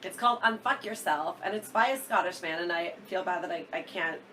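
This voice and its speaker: A woman's voice: on the low side, fairly quick, bright, forceful tone, far from the mic. Giggly woman co-hosting a casual chat. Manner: giggly, chatty, trails off in restarts. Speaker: podcast co-host.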